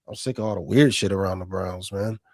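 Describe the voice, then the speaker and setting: A man's voice: sits low, a little fast, a little mellow, no echo, clean studio sound. Profane, rambling man venting. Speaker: panelist. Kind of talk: casual podcast chat.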